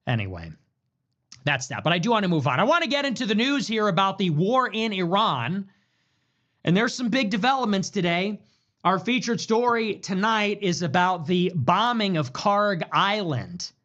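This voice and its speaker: A man in a rambling, profane political rant, sarcastic and trailing off into low asides, from a replayed video. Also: big pitch swings, normal speed, fairly bright tone, muffled recording. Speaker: political commentator. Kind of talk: rambling ranting commentary.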